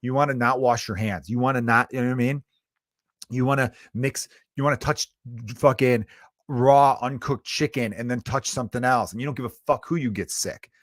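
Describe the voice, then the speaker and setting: A man's voice: mid-range voice, fairly even intonation, normal speed, no echo. Profane ranting man, dry close sound. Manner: profane, riffing, exasperated ranting. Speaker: podcast host and stand-up comedian. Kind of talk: comedic solo rant. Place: lives in Chicago.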